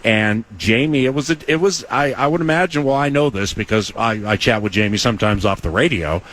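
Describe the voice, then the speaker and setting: A man's voice: mid-range voice, lively intonation, fairly quick, fairly bright tone. A male sports radio host chatting with a guest, effusive in his praise and rambling with many fillers.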